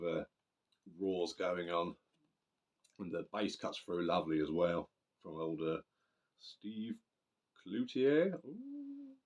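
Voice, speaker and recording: A man's voice: low voice, a little mellow. A man casually reviewing a death metal album, rambling and swearing, often correcting himself mid-sentence.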